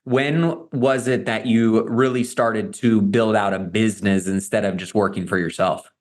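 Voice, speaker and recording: A man hosts a business podcast, warmly affirming the guest and asking follow-ups. His voice sits on the low side. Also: steady tone, measured pace. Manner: affirming, leads with follow-up questions. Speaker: podcast host. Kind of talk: interview.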